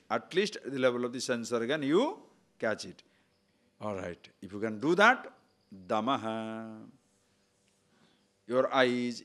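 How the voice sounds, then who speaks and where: An older man, giving a spiritual discourse full of rhetorical questions and repeated words, his pitch and loudness rising and falling widely. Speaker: spiritual teacher.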